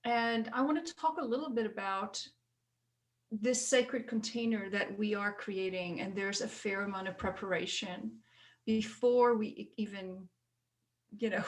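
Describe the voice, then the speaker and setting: A woman's voice: medium pitch, low-quality recording. Affectionate woman co-host asking questions. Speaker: podcast co-host. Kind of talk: casual spiritual chat.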